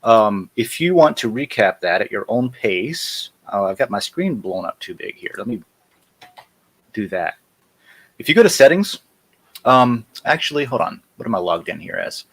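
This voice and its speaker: A man's voice: on the low side, sing-song, moderate pace, a bit bright, breathy edge. A man hosting a casual live-stream chat, walking viewers through a website demo and correcting himself as he clicks through screens. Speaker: host.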